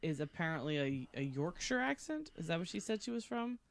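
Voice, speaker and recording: A co-host chats on a casual podcast in a middle-pitched voice. The talk is enthusiastic and giggly. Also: sing-song, brisk.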